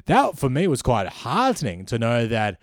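An Australian man delivering a sardonic, ranting comedy monologue as a podcast host. His voice sits at an ordinary middle pitch, and the recording is dry and close with no room echo. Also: wildly swooping pitch, normal speed.

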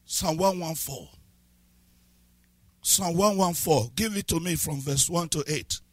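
A man preaching a sermon as a pastor, swinging from low asides to shouted, half-sung lines and repeated questions to the congregation. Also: unhurried, no echo. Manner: breaks into speaking in tongues.

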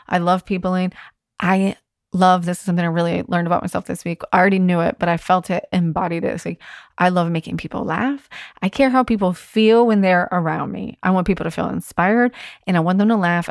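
A woman's voice: fairly low pitch, dry recording, clean studio sound. A woman in her thirties or forties hosting a podcast as a stylist, talking casually and frankly, swearing freely and laughing often. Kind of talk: casual solo podcast talk.

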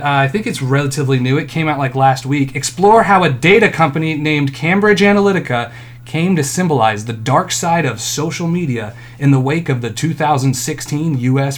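A man's voice: medium pitch, normal speed. A man co-hosting a podcast, talking loosely and rambling, swearing casually. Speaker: podcast co-host.

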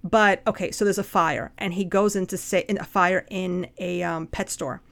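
A woman co-hosting a podcast, chatting casually and telling animated stories. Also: on the low side, normal speed, gravelly. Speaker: podcast co-host. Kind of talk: casual chat.

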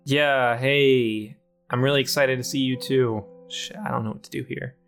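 A man's voice: medium pitch, steady tone, normal speed, vocal fry, fairly bright tone, soft background music. A man in an improv comedy scene playing a hot-headed male chipmunk, a blustering former tough guy. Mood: weary.

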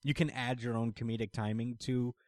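A man's voice: medium pitch, flat delivery, fairly quick, a little mellow, dry recording, clean studio sound. A man hosting a casual podcast, recapping an anime episode in a laid-back way, with frequent laughs and fillers. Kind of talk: casual group chat.

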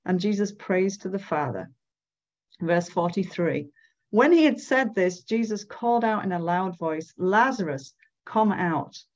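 A woman giving devotional Bible teaching, reading scripture aloud and explaining it slowly. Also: medium pitch, animated, darkish tone, muffled recording. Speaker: speaker at a church gathering.

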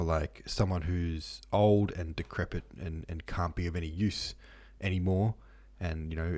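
A man with a low, slightly mellow voice hosts a casual book-club podcast. He reads listener comments and reference passages aloud, musing over them with plenty of ums and asides.

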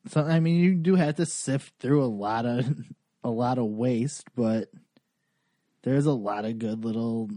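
Mellow-voiced easygoing man co-hosting. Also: medium pitch, measured pace, dry recording, clean studio sound. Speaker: podcast co-host. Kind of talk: casual sports podcast chat.

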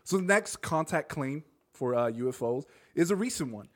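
A man's voice: a little high, expressive, moderate pace. A man co-hosting a podcast, reading topic notes in casual chat, with frequent restarts and laughs. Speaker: podcast co-host.

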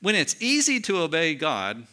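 Earnest pastor with a bright voice. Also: male voice, on the high side, huge pitch swings. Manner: earnest preaching, slows down and drops quiet for emphasis. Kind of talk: sermon.

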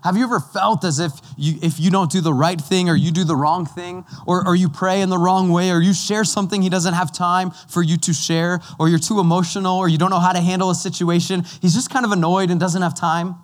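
A man preaching a sermon as pastor, talking conversationally and slowing down to stress key points. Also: high-pitched, steady tone. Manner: conversational, with slow, emphatic stretches.

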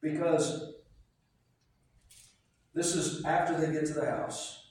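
A man preaching a sermon as pastor, animated and telling stories with voiced asides. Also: fairly high pitch, slow, a little hiss or hum. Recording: echoey hall from far off.

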